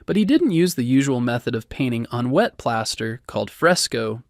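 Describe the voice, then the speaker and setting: A man narrating a bedtime history story in a calm, soothing, scripted way. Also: mid-range voice, moderate pace, gravelly, dry recording, clean studio sound.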